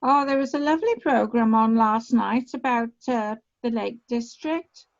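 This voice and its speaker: Woman, high voice, slow pace, chatty and repetitive, muffled video call audio. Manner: chatty, repeats herself. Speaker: online class participant. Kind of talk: casual chat.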